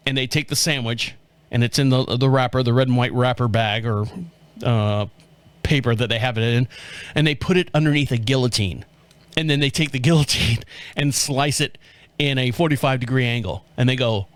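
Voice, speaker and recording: Speaking at medium pitch and a little fast, a middle-aged man from the southern US hosts a podcast with no echo. The talk is casual and rambling, full of jokes and frequent chuckles.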